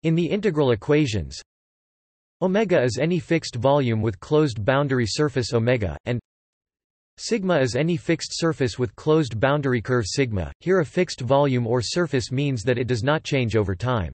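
A male text-to-speech voice reading an encyclopedia article aloud, spelling out formula code letter by letter in a flat synthetic manner. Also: medium pitch, moderate pace, no echo.

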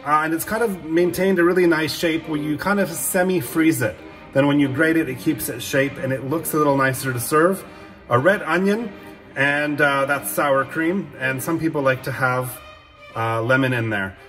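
A man hosting his own cooking channel, talking through a recipe in a relaxed, chatty way with frequent filler words. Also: on the high side, echoey room. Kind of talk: casual cooking demonstration.

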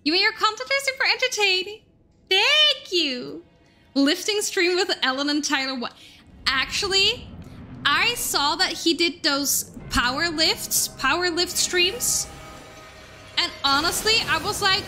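A young woman streamer with a high, bright, sharp voice talks excitably to her chat while she plays, swearing now and then. She sounds close to a desk mic, with faint game music running underneath. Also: measured pace. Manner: excitable, swears, chats with viewers. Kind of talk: casual live-stream chat while gaming.

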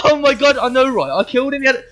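Bantering sweary streamer lad. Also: male voice, extremely high pitch, fairly bright tone. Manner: bantering, sweary, talks to chat with laughs. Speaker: livestreamer. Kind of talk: live game streaming chat.

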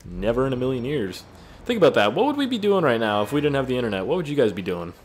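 A man's voice: medium pitch, very animated, fast talker, faint music behind. A young man hosting a gaming video with crude, joking, rambling commentary.

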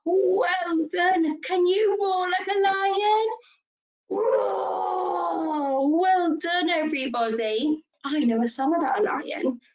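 A woman leading a children's story session, talking to toddlers in an animated sing-song way, gasping with delight and coaxing them to join in. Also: extremely high pitch, takes it slowly, lo-fi sound. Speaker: early years practitioner.

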